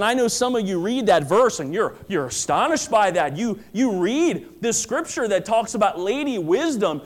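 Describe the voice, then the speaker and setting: A middle-aged man preaching a sermon as pastor, emphatic and repeating key phrases. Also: sits high.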